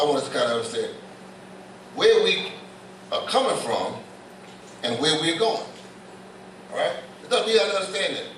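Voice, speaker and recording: A man's voice: medium pitch, background noise. An older man, an imam, giving a sermon to his congregation, often restarting and repeating words as he explains verses. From United States. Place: large mosque prayer hall. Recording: echoey hall recording from far off.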